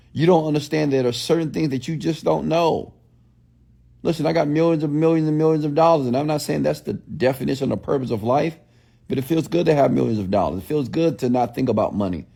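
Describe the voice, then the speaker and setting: This speaker's voice is a little high, creaky and husky yet warm, and he moves briskly. Lecturing a live crowd in a blunt, scolding, preachy way, he repeatedly asks if what he's saying makes sense.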